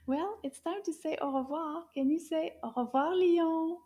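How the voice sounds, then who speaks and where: A woman teaching a children's language lesson in a gentle, encouraging way, drawing out sounds. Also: sits high, a little slow.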